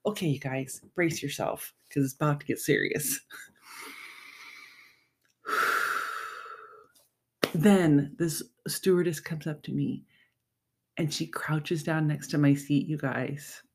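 Woman host, lowish voice, chatty and heartfelt, talk-to-listeners podcast feel. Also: slow pace, long pauses, husky. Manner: chatty and heartfelt, with frequent fillers and laughs. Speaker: podcast host and mental health coach. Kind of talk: casual storytelling monologue.

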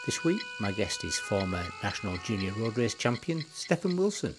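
A man's voice: on the low side, very animated, moderate pace, background noise. A man hosting a casual podcast interview over a video call, chatty and bantering with his guest. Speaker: podcast host.

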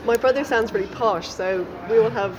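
A woman's voice: a little high, fairly quick, rough recording. Young woman with an Irish-tinged accent. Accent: Irish-tinged English. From Essex, England. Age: young adult. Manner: casual, says "like" and "um" often. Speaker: guest writer. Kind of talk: casual interview chat. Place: library café. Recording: busy café crowd behind.

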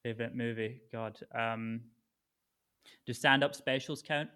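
A Scottish stand-up comedian, appearing as a podcast guest, answers interview questions in casual chat with many fillers and restarts. His medium-pitched voice is steady, a little slow, pushed and bright, with a clear, resonant tone.

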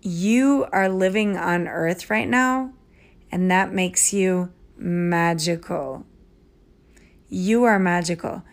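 A woman hosting a podcast, rambling through tangents as she processes her thoughts out loud into her phone. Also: lowish voice, slow. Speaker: podcast host and online English tutor. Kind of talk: rambling spoken-aloud voice memo. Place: home, Minnesota.

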